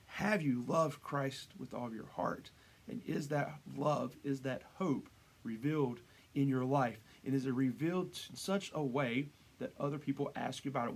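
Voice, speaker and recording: A pastor with a husky, medium-pitched voice and vocal fry gives a laid-back devotional sermon. His delivery is conversational, dotted with restarts and asides, and it lifts whenever he poses a rhetorical question.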